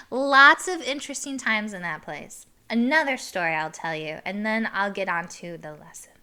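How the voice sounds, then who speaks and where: Bright, crisp-voiced woman telling a story. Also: medium pitch. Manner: animated, swearing, acts out quoted lines loudly. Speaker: podcast host. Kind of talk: casual storytelling.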